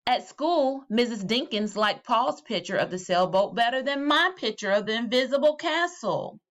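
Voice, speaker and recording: At a moderate pace, a teacher reads a picture book aloud for kids. She tells it in an animated way, her voice falling low on the refrains that repeat.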